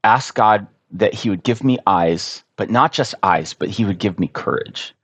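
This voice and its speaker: A man telling an earnest, animated story as a podcast guest in casual conversation. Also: fairly low pitch, unhurried, slightly rough, no echo.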